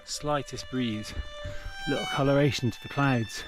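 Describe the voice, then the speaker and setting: Over music, a British man with a medium-pitched voice speaks at a measured pace, vlogging as he backpacks alone on an open hillside. His casual outdoor narration is chatty and full of exclamations, and now and then he talks to his dog.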